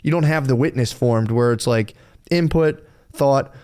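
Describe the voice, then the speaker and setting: A man's voice: medium pitch, measured pace, a little mellow. Rambling, profane male podcast co-host. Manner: rambling, swears freely, quotes himself in other voices. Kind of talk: casual podcast chat.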